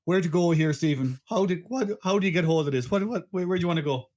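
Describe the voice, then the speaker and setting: A man's voice: a little high, animated, fast, a little mellow. Rambling podcast host, easygoing man. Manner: rambling, stumbling restarts, frequent laughter. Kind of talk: casual comedic podcast chat.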